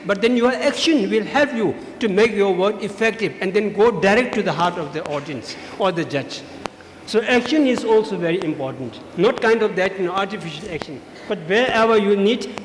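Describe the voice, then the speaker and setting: A high-voiced man lectures students on debating as a judge. He drives his points home with steady repetition. His voice carries through a large, echoing school hall with a long reverb tail. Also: moderate pace, slight background noise. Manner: instructive, emphatic, repeats key points. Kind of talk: feedback speech to students. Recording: echoey hall, faint ambience.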